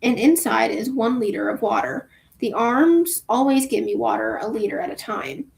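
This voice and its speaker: A woman's voice: a little high, lively intonation, moderate pace. A woman reading a novel aloud for a book club, casual, with offhand asides about her own reading.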